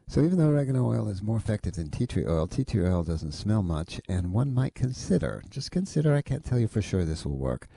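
A man's voice: sits low, vocal fry, warm tone, breathy edge. A man over forty hosting a call-in health show, giving folksy, rambling advice with careful hedges. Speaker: radio health show host.

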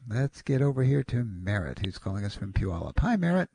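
A man's voice: fairly low pitch, big pitch swings, a little fast, vocal fry, warm tone, slightly rough. A man hosting a call-in radio show, jovial and teasing, politely calling the caller ma'am.

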